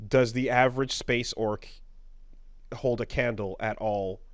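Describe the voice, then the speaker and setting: A man's voice: mid-range voice, steady tone, unhurried, clear, resonant tone, no echo, clean studio sound. A man co-hosting a casual podcast, asking curious questions. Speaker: podcast co-host. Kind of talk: casual chat.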